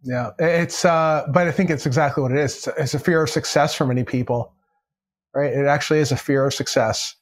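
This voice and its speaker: A male podcast host with a somewhat high-pitched voice talks in a relaxed, casual way. He affirms what his guest said and adds his own thoughts. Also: a little fast. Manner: conversational, agreeing and building on the guest's points. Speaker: podcast host and real estate coach. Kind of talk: casual interview chat.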